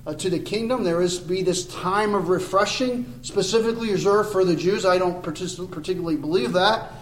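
A man's voice: high-pitched, brisk, roomy sound, slight background noise, poor audio. A man preaching an expository sermon in a church, earnest and building to emphatic declarations.

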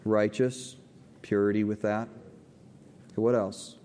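A man's voice: on the low side, flat delivery, moderate pace, dark tone, a little hiss or hum. A man preaching a conversational teaching sermon in a church, asking the congregation questions and checking in with frequent okays. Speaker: pastor. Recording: long hall reverb.

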